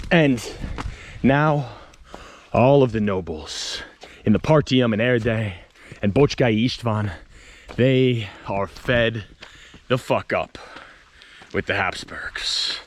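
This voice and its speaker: A man vlogging outdoors on a hike, telling a history tale in an animated, excitable way with casual swearing. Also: mid-range voice, takes it slowly, long pauses, a little hiss or hum. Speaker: travel vlogger and history storyteller. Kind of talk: casual storytelling vlog while hiking.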